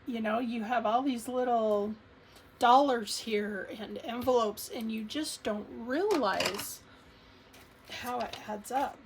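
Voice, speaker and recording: A woman's voice: a little high, slow, slight background noise. A woman hosting a budgeting vlog, chatting casually and cheerfully as she counts cash and fills savings challenges at home. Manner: chatty, cheerful, counting money aloud with fillers. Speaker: budgeting channel host.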